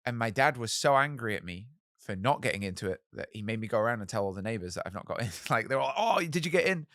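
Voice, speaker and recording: Low-voiced man telling stories. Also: fast talker, dry recording, clean studio sound. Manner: animated, acts out quoted voices, swears casually. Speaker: guest musician. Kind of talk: storytelling in a podcast interview.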